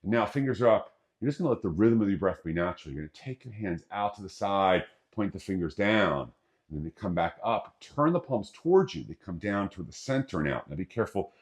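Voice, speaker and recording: Here a middle-aged man with a lowish voice teaches qigong, sounding animated and fairly quick. He delivers playful, casual breathing instructions step by step, covering every breath.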